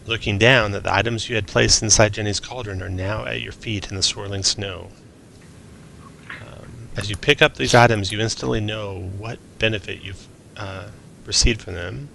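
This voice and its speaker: A man's voice: fairly low pitch, fairly even intonation, normal speed, creaky, pushed and bright, slight background noise. A man narrating as game master of a tabletop role-playing game, mixing descriptive narration with casual asides.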